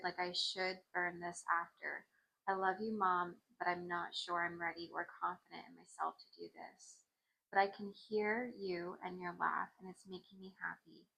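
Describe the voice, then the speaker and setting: A woman reads aloud from her own notes in a relaxed, casual way, with quick asides between questions and answers. Her voice is bright and edgy, with a gravelly fry and a husky grain. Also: fairly low pitch, rough recording. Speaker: intuitive reading her channeled notes. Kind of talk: casual reading aloud from a journal.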